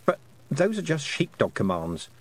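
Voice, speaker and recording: A man voicing a brisk, knowing adult witch woman from a storybook, who lectures slowly and emphatically. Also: medium pitch, very animated, pitched above the performer's own voice, close to an everyday voice. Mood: dismissive.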